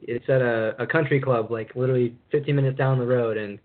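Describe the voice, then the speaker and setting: A man's voice: mid-range voice, steady tone, quick pace. A man co-hosting a casual wrestling podcast, chatting in an easygoing way. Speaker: podcast co-host. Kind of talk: casual chat. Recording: phone-like lo-fi line.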